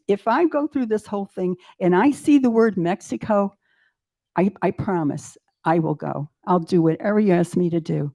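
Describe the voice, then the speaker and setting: Warm-voiced woman in her eighties. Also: mid-range voice. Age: 80s. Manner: animated storytelling, acting out her own inner voices with laughs. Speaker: interview guest. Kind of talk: storytelling in a live interview.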